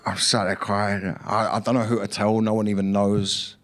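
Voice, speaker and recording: This young man's stand-up set at a comedy club runs at normal speed, his lowish voice staying fairly flat in pitch. He punches through a story, voicing the quotes himself and swearing as he goes.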